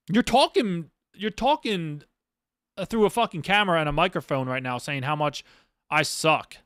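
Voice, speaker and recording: A man's voice: a little high, fairly bright tone, smooth, dry recording, clean studio sound. Blunt, profane young man streaming. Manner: blunt, profane, rambling, heavy with fillers. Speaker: Marine. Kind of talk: casual livestream talk.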